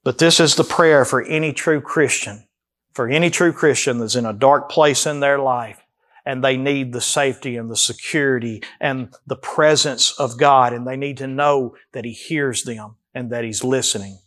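A male pastor preaching a sermon, speaking his prayers aloud with emphatic rises and slow drawn-out phrases. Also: mid-range voice, fairly bright tone.

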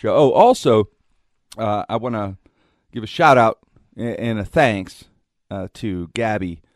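A man's voice: fairly low pitch, a little slow, no echo, clean studio sound. A male host chatting casually, rambling through stories with laughs and restarts. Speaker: radio show host. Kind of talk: casual chat.

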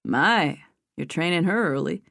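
A woman's voice: low voice, expressive, unhurried, creaky, a bit bright, no room sound, studio quality, heavily acted. A woman doing a teasing cowboy charmer. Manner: teasing, mock-princely and gallant. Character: charming flirtatious cowboy playboy man, playful.

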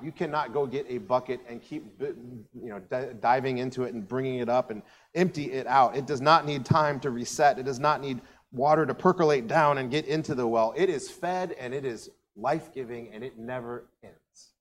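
A man's voice: medium pitch, normal speed, in a large hall. Conversational man preaching. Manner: conversational storytelling with voiced asides. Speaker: pastor. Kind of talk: sermon.

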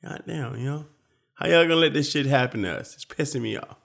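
A young man in casual conversation, rambling and profane, sometimes breaking into loud mock speeches. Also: mid-range voice, brisk, creaky. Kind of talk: casual chat.

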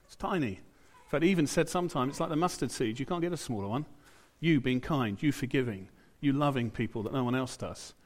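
A man's voice: medium pitch, fairly quick, hardly any pauses. A British man preaching a sermon in church, in a conversational way, with asides and quotes he acts out. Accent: British English.

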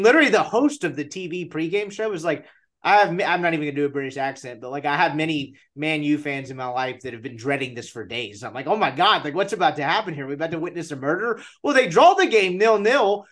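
A man's voice: fairly high pitch, fairly bright tone. A man hosting a casual sports chat, poking fun at himself as he asks questions. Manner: self-mocking and joking.

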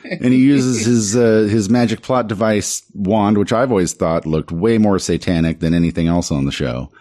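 A man's voice: fairly low pitch, moderate pace, mellow. A man co-hosting a podcast, retelling a cartoon episode in casual chat with jokey asides. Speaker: podcast co-host.

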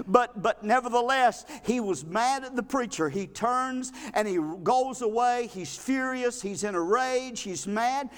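Preacher man, high voice, folksy and worked up, lots of restarts, long echo in the church. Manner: folksy and animated, with repeated restarts. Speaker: pastor. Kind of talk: sermon. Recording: long reverb of a hall.

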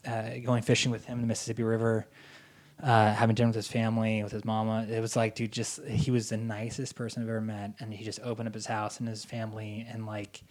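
A man telling a long story in casual chat, rambling and animated, with many fillers. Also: fairly low pitch, quick pace. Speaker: guest, film associate producer.

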